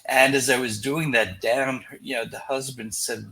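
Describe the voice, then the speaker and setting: A man's voice: medium pitch, fairly even intonation, a little slow, sharp tone, a little hiss or hum. An older man, a podcast guest, earnestly recounting his story and quoting what others said along the way. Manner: earnest, retelling events with quoted dialogue. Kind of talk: storytelling in an interview.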